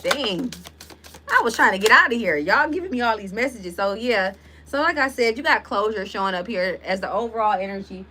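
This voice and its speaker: A woman's voice: mid-range voice, expressive, a little fast, bright, forceful tone, a little hiss or hum. A young woman giving a casual tarot reading, blunt and profane, with laughing asides. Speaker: tarot reader.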